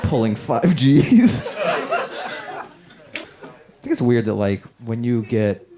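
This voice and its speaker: A man's voice: mid-range voice, huge pitch swings, slow. Loose rambling male stand-up comic. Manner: loose, rambling, full of "like" fillers. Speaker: stand-up comedian. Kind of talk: stand-up set of new material. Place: comedy club stage. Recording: live comedy club with crowd laughter.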